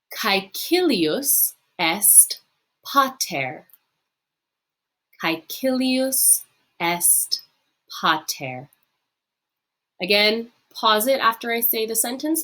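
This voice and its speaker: A woman teaching a recorded online lesson, pronouncing phrases slowly for learners to repeat and explaining them in a friendly way with some fillers. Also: medium pitch, bright, forceful tone. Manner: slow, drawn-out modelling of phrases to repeat. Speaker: Latin teacher.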